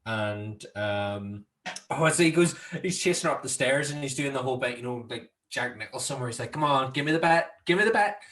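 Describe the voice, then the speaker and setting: A Northern Irish man co-hosts a relaxed film chat. He laughs often and slips into quick put-on voices to quote scenes. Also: mid-range voice. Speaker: podcast co-host.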